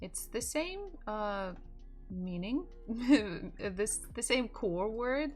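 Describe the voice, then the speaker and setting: A woman whose first language is Russian teaching a live language lesson, slowly repeating words for learners to echo, laughing lightly between explanations. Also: mid-range voice, animated, a little mellow, faint music behind.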